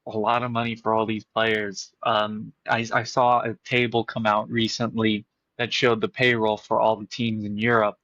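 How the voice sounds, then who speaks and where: A man's voice: lowish voice, flat delivery, moderate pace, fairly bright tone, dry recording. Man with a slightly dull lo-fi mic, musing. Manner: thoughtful, repeats words while forming a point. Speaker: podcast co-host. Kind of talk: casual football chat.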